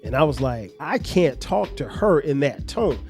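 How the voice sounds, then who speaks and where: Soft music plays behind a middle-aged man hosting a podcast about raising his children. His fairly high, darkish voice swings widely in pitch and stays unhurried as he earnestly shares stories, acts out examples and frequently restarts.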